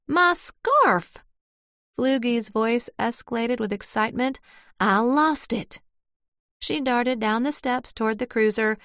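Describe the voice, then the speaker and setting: A woman voicing an excitable, chatty small-town woman who talks in eager exclamations. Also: on the high side, moderate pace, few pauses, clear, resonant tone, no echo, studio quality, natural voice. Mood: excited.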